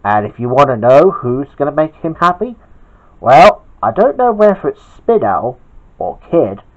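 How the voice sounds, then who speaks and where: A man reading his own homemade story aloud, halting and chatty, with asides to his listeners. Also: fairly high pitch, very animated, highs cut off. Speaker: storyteller, channel host.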